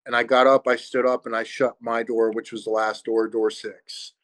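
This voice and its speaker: Man sharing his recovery testimony: mid-range pitch, earnest, halting delivery with pauses. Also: flat delivery, fairly bright tone. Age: adult with children. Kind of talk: personal testimony.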